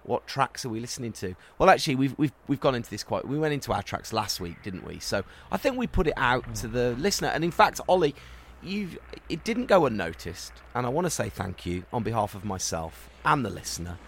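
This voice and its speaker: A man's voice: medium pitch, sing-song, a little fast, hardly any pauses, fairly bright tone, husky. Chatty male podcast host. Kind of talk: casual podcast chat. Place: podcast studio.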